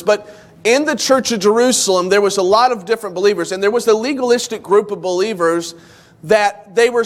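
A man in his thirties preaching a sermon in church, telling the story with animation and acting out the voices of the people he quotes. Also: sits high. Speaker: pastor.

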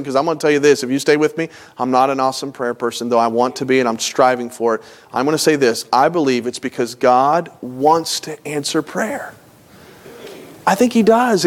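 A middle-aged male pastor telling a personal prayer story in a sermon, folksy and full of restarts. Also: a little high. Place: church.

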